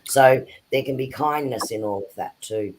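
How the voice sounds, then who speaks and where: Man, thoughtful and measured, casual chat, average pitch. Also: a little hiss or hum, low-quality recording. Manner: thoughtful, measured, with frequent fillers. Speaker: co-host of a spiritual chat.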